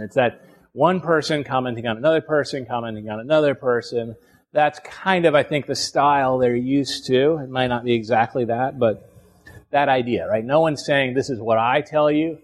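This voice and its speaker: A man's voice: medium pitch, moderate pace. A man teaching a Bible lesson in a conversational way, often restarting phrases and checking in with "right?".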